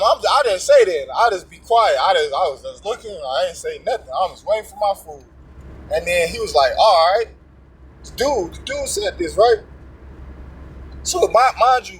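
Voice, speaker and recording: A man's voice: high voice, breathy edge, rough recording. A man casually telling a testimony story, acting out both sides of a tense confrontation in streetwise slang. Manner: streetwise slang with frequent profanity.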